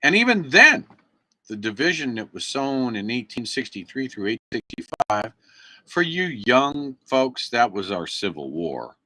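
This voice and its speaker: A man's voice: mid-range voice, big pitch swings, a little slow, sharp tone, dry recording. An American man giving an angry, emphatic livestream rant into his computer mic, preaching to viewers. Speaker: activist live streamer. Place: indoors at a computer.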